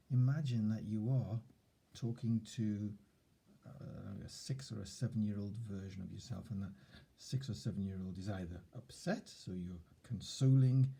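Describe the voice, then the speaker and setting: A man giving a relaxed self-help lesson, thoughtfully recapping points and demonstrating tones of voice. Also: fairly low pitch, gravelly, breathy edge. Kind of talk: relaxed instructional talk.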